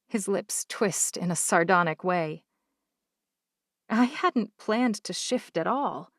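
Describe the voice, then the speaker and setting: A woman narrating a first-person audiobook with a measured, even delivery. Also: medium pitch, no echo, studio quality.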